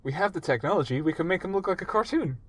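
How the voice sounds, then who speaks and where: Excitable man with a lively voice. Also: high-pitched, quick pace, no echo. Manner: excitable, laughs often, jumps in with ideas. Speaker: podcast co-host. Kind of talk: casual chat.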